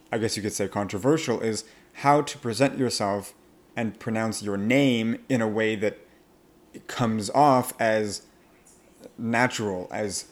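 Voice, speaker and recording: A man speaking as a language coach in a podcast interview, animated and laughing often as he explains. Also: on the low side.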